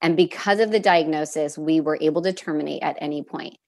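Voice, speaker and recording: Young adult woman, guest storyteller; somewhat low pitch, earnest and open, frequent fillers and restarts. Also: brisk, vocal fry, darkish tone. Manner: emotional at moments, with nervous laughs. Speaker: guest sharing a personal story. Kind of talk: candid conversational storytelling.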